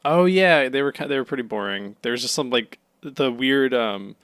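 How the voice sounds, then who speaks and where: Man, podcast co-host, casual chat, excitable, laughs often, bright tone, dry close sound. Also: medium pitch, moderate pace, clear, resonant tone, no echo.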